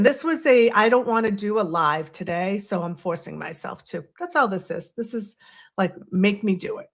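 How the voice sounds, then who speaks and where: Chatty Boston woman hosting a livestream. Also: on the high side. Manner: chatty and rambling, self-deprecating. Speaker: livestream host. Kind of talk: casual livestream chat.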